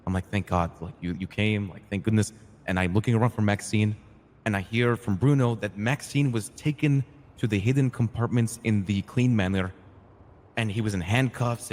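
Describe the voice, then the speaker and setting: A man playing a streetwise, hot-tempered crew boss in a roleplay game, retelling events in an animated way, acting out quoted lines and swearing freely. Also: lowish voice, long reverb tail, natural voice. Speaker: roleplay character telling his side. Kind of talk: in-character storytelling in a roleplay game.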